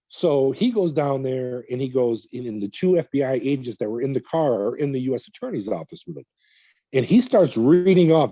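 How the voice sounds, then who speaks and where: A man recounts his experience as a guest in an interview, slipping into the voices of the people around him as he goes. His tone is very dark and mellow with a husky edge, heard dry and slightly dull. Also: medium pitch, dry recording. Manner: animated retelling with quoted dialogue. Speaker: guest, former corrections officer. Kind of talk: storytelling in an interview.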